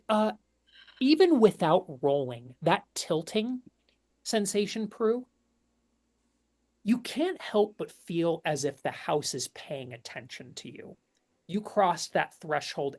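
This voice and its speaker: A woman narrating as game master of a tabletop role-play in a halting, unhurried way. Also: low voice, darkish tone.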